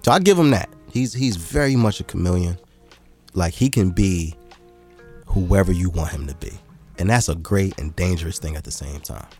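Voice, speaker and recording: Slangy, laid-back deep-voiced man. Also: normal speed, soft background music. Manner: slangy, animated, mocks others in a high squeaky voice. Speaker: podcast host. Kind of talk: casual podcast chat.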